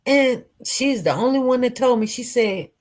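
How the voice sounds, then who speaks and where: A woman's voice: on the high side, lively intonation, moderate pace, darkish tone. A woman telling personal stories to her viewers in a casual, rambling way, with many fillers and repeated words.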